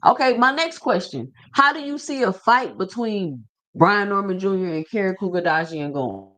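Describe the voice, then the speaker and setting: A man's voice: sits high, animated, normal speed, sharp tone. A man hosting a boxing livestream, talking casually and slangily straight to his chat and reading out viewer comments.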